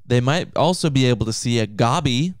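Playful man with lively pitch, dry sound. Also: fairly quick, no echo. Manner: playful, teasing, animated. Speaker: podcast co-host. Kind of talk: casual chat.

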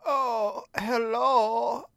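A treacherous snow hag disguised as a harmless granny, as a man puts her on in falsetto. Her voice quavers thin and very high, and she begs in a dry, close tone. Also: fairly even intonation, very slow, vocal fry, a bit bright, clean tone, no room sound, full character voice. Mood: pleading. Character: sly yokai hag faking a frail old woman. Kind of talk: comic voice bit on a podcast.

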